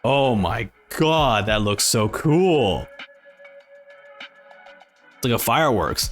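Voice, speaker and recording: Animated young man reacting excitedly. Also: mid-range voice, takes it slowly, long pauses, faint music behind. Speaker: reaction host. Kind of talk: manga reading reaction.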